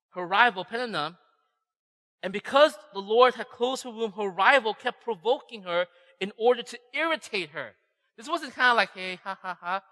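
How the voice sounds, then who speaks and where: High, bright-voiced preacher in a reverberant hall. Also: male voice. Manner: conversational, keeps asking "right?"; acts out quoted voices. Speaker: pastor. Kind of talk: sermon.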